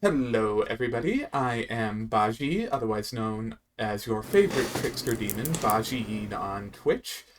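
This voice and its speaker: A co-host delivering a slow, theatrical introduction in a soft voice. The pitch moves expressively, over faint background noise. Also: expressive. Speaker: podcast co-host. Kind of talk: scripted podcast introduction.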